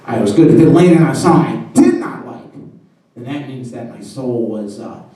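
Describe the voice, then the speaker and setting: A man's voice: medium pitch, expressive, normal speed, dark tone, recorded from a distance. Man storyteller on stage, rambling, self-mocking, picked up from afar in an echoey room. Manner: rambling, self-deprecating, full of "you know" and "like". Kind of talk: live personal storytelling. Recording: roomy hall heard from afar.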